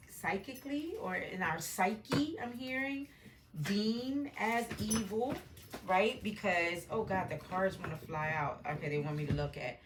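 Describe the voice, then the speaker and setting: There's background noise as this woman, a tarot reader at home with her dog close by, wanders through an intuitive reading in a medium-pitched voice. She frequently adds "right?" as she goes.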